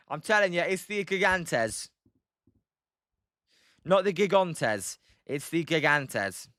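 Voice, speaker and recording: A young British man calls a baseball game live and keeps breaking off to answer chat by name, with plenty of ums along the way. His voice sits high and bright. The recording is clean and dry. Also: smooth, no echo. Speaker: livestream baseball commentator. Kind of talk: casual play-by-play with chat replies.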